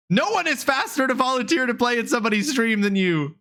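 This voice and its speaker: A man live-streaming, chatting with his viewers in a lively, mock-indignant way and swearing freely. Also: very high-pitched, moderate pace, long pauses. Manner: animated, mock-indignant, swears freely, talks straight to chat.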